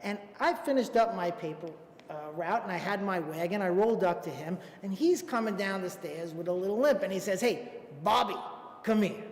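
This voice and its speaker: A man's voice: high-pitched, expressive, fairly quick, darkish tone. A man in his fifties from Brooklyn, New York, telling a comic, self-mocking story on a theater stage. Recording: echoey theater hall.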